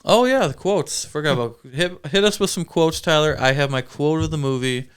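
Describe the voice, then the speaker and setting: A man's voice: fairly high pitch, moderate pace, clean tone. A man co-hosting a casual movie review chat, laughing easily as he talks. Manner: chatty, laughs often. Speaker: podcast co-host.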